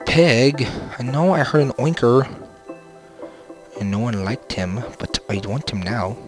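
Young guy on a headset rambling slow through his game, goofy sing-song bits, game music going loud behind him. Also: medium pitch. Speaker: gameplay commentator. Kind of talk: casual let's-play commentary. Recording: game music playing under the voice.

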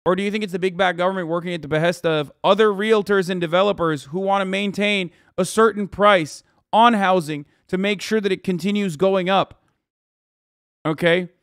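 A man's voice: high-pitched, fairly bright tone, dry recording. Ranting male streamer, dry close mic. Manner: profane, incredulous, rapid-fire ranting. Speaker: streamer reacting to a video. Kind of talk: live stream commentary.

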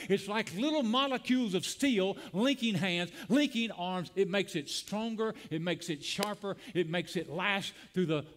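A man preaching a sermon as a pastor, speaking to a congregation, calling out lines for them to repeat and building to emphatic peaks. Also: high-pitched. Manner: preaching with call-and-response and rising emphasis. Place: church sanctuary.

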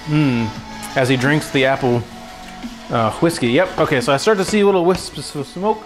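A man's voice: fairly high pitch, moderate pace, over music. Rambling, jokey male cooking streamer. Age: adult. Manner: rambling, jokey, talks to chat. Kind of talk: casual livestream cooking lesson. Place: home kitchen.

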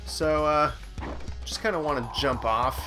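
A man's voice: fairly high pitch, a little slow. A man hosting a let's play, casually commenting on his gameplay with rambling, self-mocking asides. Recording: game music playing underneath. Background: game music.

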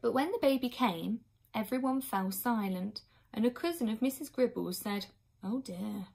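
A woman reading a children's book aloud expressively, now and then pausing for an aside to her listeners. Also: a little high, expressive, vocal fry, darkish tone. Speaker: reader.

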